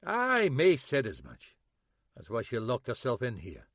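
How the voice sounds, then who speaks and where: A man voicing a gruff, older Scottish detective inspector who talks formally and gives commands. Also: mid-range voice, huge pitch swings, unhurried, a bit bright, no room sound, clean studio sound, full character voice. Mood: weary. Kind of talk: audiobook character voice.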